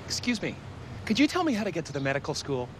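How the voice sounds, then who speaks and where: A man's voice: fairly high pitch, wildly swooping pitch, quick pace. An actor playing a dim-witted, cheerful young male limo driver who talks in a goofy, naive, chatty way. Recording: movie audio with street and traffic noise.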